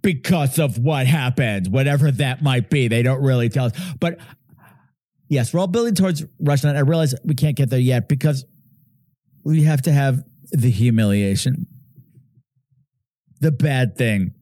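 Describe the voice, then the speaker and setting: A man hosting a casual film-review podcast, animated and mimicking characters. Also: medium pitch, normal speed, long pauses, no room sound, studio quality. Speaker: podcast host.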